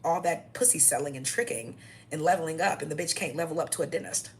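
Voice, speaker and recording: A woman's voice: sits low, fast talker, a little hiss or hum. A young adult woman ranting to camera in a blunt, mocking, profane way, often tagging her points with "okay?". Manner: repeats "okay?" as a tag. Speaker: vlogger.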